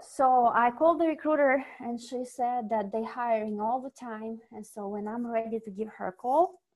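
A young woman with a Russian accent, chatting casually as an interview guest, animated and laughing often. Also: fairly high pitch, moderate pace.

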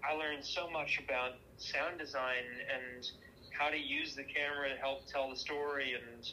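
Man, interview guest, self-deprecating, chatty storyteller, bright tense tone, faint noise. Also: mid-range voice, steady tone, normal speed, low-quality recording. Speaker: film director and producer, guest. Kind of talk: casual interview chat.

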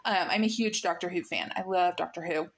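A woman's voice: on the low side, fairly quick. Chatty woman podcast host. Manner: chatty, many fillers, laughs easily. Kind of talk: casual podcast interview.

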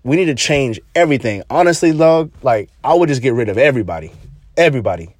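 A man's voice: mid-range voice, expressive, quick pace, no echo, clean studio sound. A young man who works at a jail, telling a rambling story in casual chat, swearing and restarting often.

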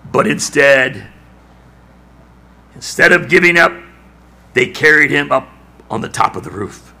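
A male preacher giving a dramatic sermon, building to shouts and dropping to near-whispers. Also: medium pitch, very animated, a little slow, creaky, long pauses.

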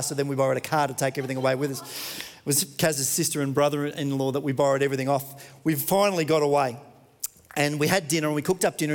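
Aussie guy preaching, earnest chatty storytelling, bit high voice, big echoey hall. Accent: Australian. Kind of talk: storytelling sermon.

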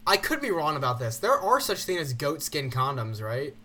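Bright, lively-voiced male podcast co-host. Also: fairly high pitch, normal speed. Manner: dry quips, playful jokes. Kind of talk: casual comedic chat.

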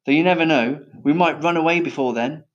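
A man's voice: a little high, a little fast, muffled recording, voice pushed up, close to an everyday voice. A man voicing a cheeky, scheming young elephant keeper with a breezy, innocent-sounding manner.

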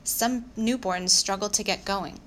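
A woman's voice: mid-range voice, measured pace, fairly bright tone, slight background noise, natural voice. Woman doing an earnest young boy.

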